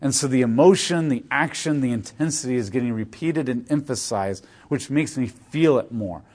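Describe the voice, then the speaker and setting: Casting: male teacher, mid-pitched, relaxed explanatory lecture style, lots of "like". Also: normal speed. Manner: casual, explanatory, uses many fillers like "like". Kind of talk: classroom lecture.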